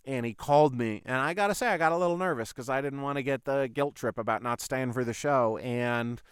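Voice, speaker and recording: This podcast host talks a little fast in a clean, mid-range voice, telling a long personal story in a loose, rambling style. Swearing and "I was like" retellings run throughout the casual monologue, captured in studio quality without echo.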